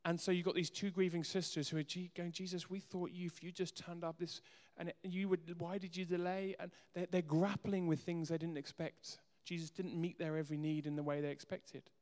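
A man preaching a sermon as pastor, earnest, moving between soft quiet asides and emphatic raised lines. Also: sits high, flat delivery, fairly quick, few pauses. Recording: long hall reverb.

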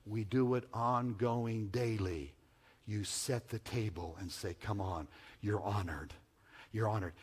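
A man preaching a sermon, repeating key phrases and swinging from hushed tones to loud calls. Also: lowish voice. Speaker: pastor.

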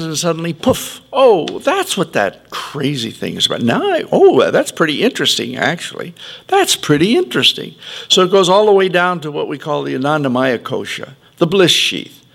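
A man giving a spiritual talk to an audience, playful and animated, acting out quotes with sudden jumps in his voice and chuckling at his own jokes. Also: fairly high pitch, creaky. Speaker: spiritual teacher.

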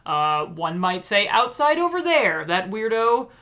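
A woman co-hosting a podcast in easy, casual chat. Her voice is bright and swings widely in pitch, and she keeps things playful with jokey asides and frequent laughter. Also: big pitch swings, unhurried. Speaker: podcast co-host.

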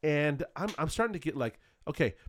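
Middle-aged male co-host, animated storyteller, higher, very expressive pitch. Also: brisk, a little hiss or hum. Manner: animated, acts out quotes with big pitch jumps. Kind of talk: casual storytelling chat.

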